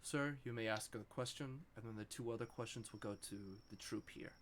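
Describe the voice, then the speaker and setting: A man voicing a formal cleric who lays out the rules for speaking with the dead in a measured way. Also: mid-range voice, fairly bright tone, slight background noise, natural voice.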